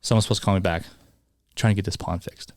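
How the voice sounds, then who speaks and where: A man hosting a podcast, chatting casually and telling an animated, rambling story. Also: deep voice, fast, no room sound. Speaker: podcast host. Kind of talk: casual chat.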